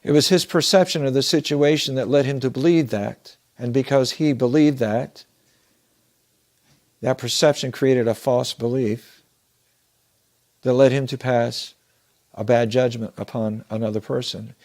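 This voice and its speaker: A man speaking in an earnest, measured way, like a motivational speaker telling a story. His voice sits at an ordinary middle pitch, and he draws out key words for weight. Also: steady tone, darkish tone. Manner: measured, earnest, slows down for emphasis. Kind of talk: storytelling talk.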